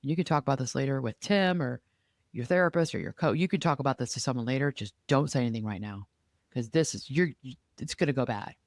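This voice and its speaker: A woman who is a therapist and life coach, hosting a podcast in a casual, emphatic and animated way, talking in quick bursts. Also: rumbling low, no echo, studio quality.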